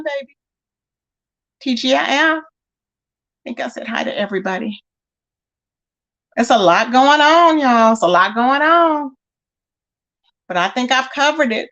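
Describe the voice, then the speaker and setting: Chatty high-voiced woman livestreamer. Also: a bit bright. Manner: chatty, talks to viewers directly. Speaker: livestream host. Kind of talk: casual livestream chat.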